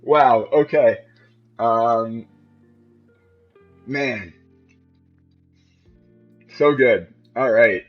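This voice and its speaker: Chatty male game streamer, slow drawl. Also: mid-range voice. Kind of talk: live gameplay commentary. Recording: muffled mic with faint music.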